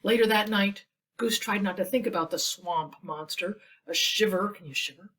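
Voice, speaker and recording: A woman's voice: medium pitch, far from the mic. A woman librarian reading a picture book aloud at storytime, with asides to the children. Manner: slow and expressive, asides to children.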